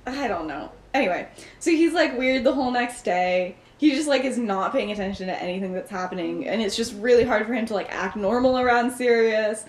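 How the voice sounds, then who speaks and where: A woman's voice: fairly high pitch, brisk. A young woman hosting a podcast, retelling a story in casual chat and animatedly acting out the characters' lines. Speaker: podcast host. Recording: echoey room.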